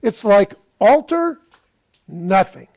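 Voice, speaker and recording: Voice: mid-range voice, very animated, slow, a little mellow. A pastor preaching a sermon, retelling a scripture story and asking the listeners rhetorical questions.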